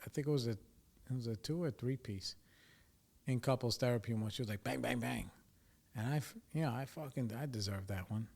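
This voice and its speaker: A middle-aged man of Puerto Rican background, hosting a podcast in a rambling, profane, self-deprecating casual monologue. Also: medium pitch. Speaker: podcast host.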